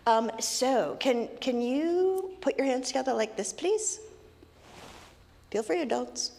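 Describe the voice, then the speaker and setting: A woman minister with a high, creaky, darkish voice speaks slowly and expressively while leading a playful children's message. She teases the kids in a sing-song way in a congregation's sanctuary, recorded with long hall reverb and faint ambient noise.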